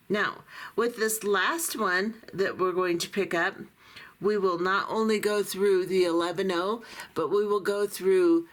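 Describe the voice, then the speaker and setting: Lower-voiced woman teaching beadwork. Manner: patient, talks while working with her hands. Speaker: beading tutorial host. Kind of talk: step-by-step craft instruction.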